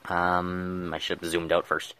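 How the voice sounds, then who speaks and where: A man's voice: deep voice, completely flat delivery, unhurried, bright, forceful tone. A man giving casual gameplay commentary, thinking aloud and mumbling with fillers as he plays at home. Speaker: gameplay streamer.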